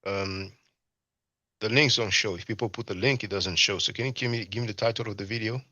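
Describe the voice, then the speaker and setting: A man hosting a livestream, commenting casually and talking in a halting way with many fillers and restarts. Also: on the low side, sharp tone, no room sound, lo-fi sound. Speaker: livestream host.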